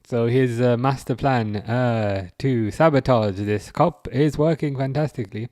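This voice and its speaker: A man with a medium-pitched, darkish voice speaks a little slowly while hosting a casual football livestream, with clean studio sound and no echo. He chats through the live match commentary, mocks himself, often restarts sentences, and laughs.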